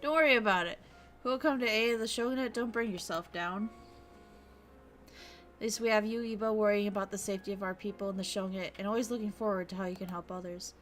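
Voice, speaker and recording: A woman's voice: medium pitch, fast talker, soft background music. A young woman streaming a visual novel, reading its narration aloud and chatting casually, swearing and laughing as she goes. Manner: chatty, swears freely, laughs, bursts into exaggerated rants. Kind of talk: casual livestream chat and reading game text aloud.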